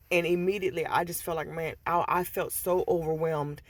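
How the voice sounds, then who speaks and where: A woman vlogger casually telling a personal story, animated and often restarting and repeating words, on a headset mic. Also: sits low, fairly quick, no echo.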